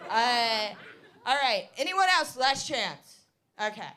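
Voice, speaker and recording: A woman's voice: on the high side, animated, slow. A woman working the crowd as the MC of a live comedy show, brash and teasing, swearing freely. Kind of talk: live stand-up crowd work. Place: live comedy venue with audience. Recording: loud crowd noise in a venue. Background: audience laughter and chatter.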